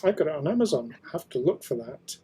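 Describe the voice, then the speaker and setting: A man's voice: fairly high pitch, very animated, fast talker, dark tone, a little hiss or hum. A British man co-hosting a casual podcast chat, jokey and laughing often. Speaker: co-host.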